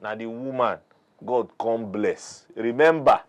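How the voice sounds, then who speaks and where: Speaking unhurriedly in a mid-range voice, a man with a Nigerian accent argues heatedly as a talk-show debate guest. He makes his case forcefully, with a preachy tone.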